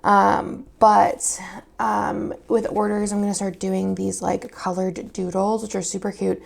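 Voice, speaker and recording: A young woman chatting casually as she plans, rambling and thinking aloud with lots of fillers in a gravelly morning voice. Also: mid-range voice, level tone, unhurried. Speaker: planner vlogger and shop owner. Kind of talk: casual craft vlog chat.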